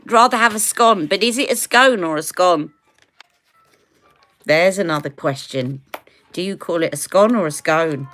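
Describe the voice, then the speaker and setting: A woman's voice: fairly low pitch, a little fast, fairly bright tone. A woman with a British accent hosting a casual beauty live stream, chatty and rambling, often laughing.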